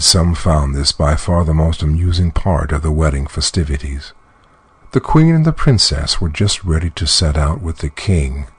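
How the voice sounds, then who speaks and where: Man with a very deep, husky voice. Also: no room sound. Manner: steady, descriptive storytelling. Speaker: narrator. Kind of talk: storybook reading.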